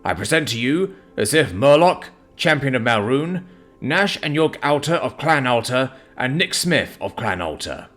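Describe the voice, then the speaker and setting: A man voicing a formal herald who announces titles slowly and grandly. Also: mid-range voice, very animated, fairly bright tone, soft background music, voice pushed up. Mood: ceremonial. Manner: slow, grand and ceremonial.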